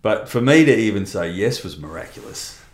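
A man's voice: lowish voice, very animated, normal speed, reverberant. A middle-aged man telling a candid personal testimony in conversation, blunt and rambling with restarts and mild swearing. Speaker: interview guest.

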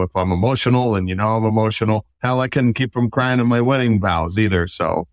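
A man with a low voice talks through an interview in an earnest, heartfelt way. He speaks casually, and his voice rises brightly whenever he acts out what someone else said. The sound is dry and close, with no room around it. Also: no room sound. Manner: earnest, emotional, animated when quoting others. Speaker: auto shop owner, guest.

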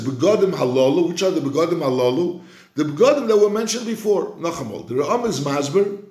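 A male rabbi teaching a Torah class, slowly chanting quoted verses and then reasoning through them with many restarts. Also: a little high. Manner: frequent restarts and repeated words while reasoning. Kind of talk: Talmudic-style lecture. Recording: roomy echo.

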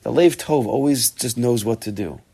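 A man giving a Torah class, animated and emphatic, often restarting his sentences. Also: medium pitch, normal speed, husky. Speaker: Torah teacher.

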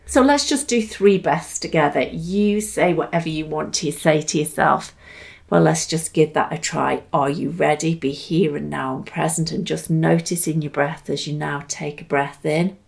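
A woman gently guiding a slow mindful breathing meditation, speaking in a soft and soothing way with an occasional sigh. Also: lowish voice. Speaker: mindfulness teacher.

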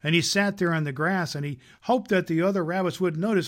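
A middle-aged man hosting as Santa, reading a storybook to children in a lively, jolly way. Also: high-pitched, a little fast. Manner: lively storyteller, jolly, laughs at own jokes. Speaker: Santa Claus host reading stories.

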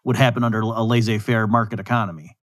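A man's voice: on the low side, quick pace, dry recording. Chatty male host in dry close sound. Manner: talks in lively bursts, slips into voices for quoted people. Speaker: podcast host. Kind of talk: casual economics discussion.

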